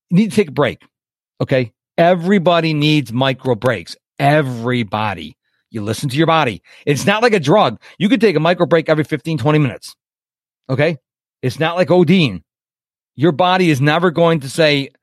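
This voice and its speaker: A man's voice: fairly high pitch, no echo, clean studio sound. Chatty man hosting a live webinar. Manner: chatty, animated, acts out quotes and checks in with "okay?". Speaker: webinar host and coach.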